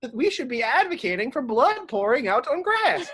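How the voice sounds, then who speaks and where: A woman's voice: sits high, very animated, normal speed, a bit bright, slightly rough. A woman playing a tabletop game, chatting in a playful, giggly way. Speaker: player. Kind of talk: casual tabletop game play.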